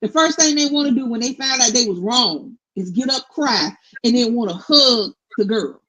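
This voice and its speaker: A middle-aged woman co-hosting casual commentary, blunt and opinionated in a steady, even tone. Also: fairly high pitch, normal speed, rough recording. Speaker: co-host.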